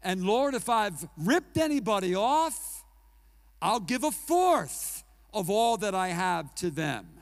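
A man's voice: high-pitched, sing-song, slow pace, in a large hall, pitched above the performer's own voice, exaggerated voice. A man voicing a repentant tax collector who earnestly pledges to give back what he took. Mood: earnest pleading.

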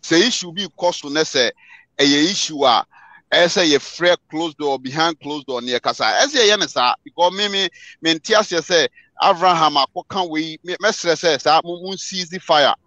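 A man's voice: fairly high pitch, moderate pace, pushed and bright, no echo. A man in a casual discussion, pleading earnestly and repeating words as he talks. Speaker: discussion participant. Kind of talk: casual discussion in Twi mixed with English.

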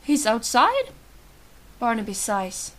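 A woman's voice: fairly high pitch, wildly swooping pitch, slow pace, fairly bright tone. A young woman playing a game, reacting emotionally and reading its dialogue aloud. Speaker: let's play host. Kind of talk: let's play commentary and reading dialogue aloud.

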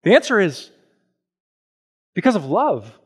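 A man preaching a sermon as pastor, animated and conversational, with slow, hushed stretches on solemn points. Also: high voice, husky. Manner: animated and conversational, with everyday examples and quick asides.

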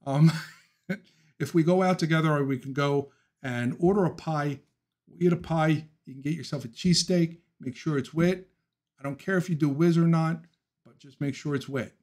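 A man's voice: fairly high pitch, normal speed, darkish tone. A man from Philadelphia hosting a casual livestream, talking through viewer comments, ranting with opinions and laughing often. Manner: talks through thoughts with frequent ums and restarts. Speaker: livestream host.

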